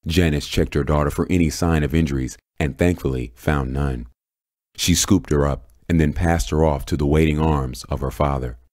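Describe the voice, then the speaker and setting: A man narrating an audiobook with deep, measured storytelling. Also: fairly even intonation, darkish tone, no echo, studio quality. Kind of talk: scripted narration.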